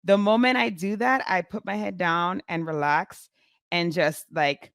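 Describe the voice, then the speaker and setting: A woman in her forties, a physician hosting her own show, telling a story in a chatty, animated way with many fillers. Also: lowish voice, measured pace, no room sound, clean studio sound. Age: 40s. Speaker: physician podcast host. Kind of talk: casual storytelling to camera.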